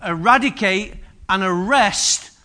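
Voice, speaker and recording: A man preaching with a high, bright, forceful voice. He swings between quiet asides and loud, emphatic bursts as he acts out scripture. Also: slow pace. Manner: energetic preaching, voices biblical figures with sudden loud rises. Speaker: pastor. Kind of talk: sermon.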